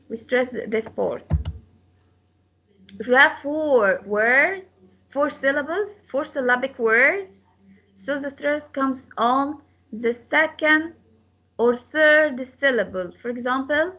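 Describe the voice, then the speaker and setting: A woman with a high voice leads a class on English stress, speaking slowly and repeating each example word, sometimes cutting it into syllables. The recording sounds dull and lo-fi. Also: lively intonation, bright, forceful tone. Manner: slow, repeats words and splits syllables to model stress; non-native grammar slips. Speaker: English teacher.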